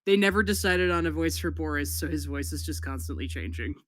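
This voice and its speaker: A guest on a casual chat who talks in an excitable, animated way and laughs often. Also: medium pitch, brisk, no echo.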